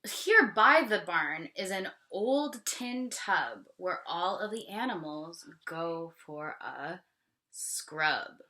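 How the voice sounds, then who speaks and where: A teacher reading a picture book to young children, slowly and with pauses to ask questions. Her voice is bright and clear, and each word is spelled out patiently. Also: lowish voice, expressive. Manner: slow, questioning, explaining. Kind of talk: read-aloud for young children.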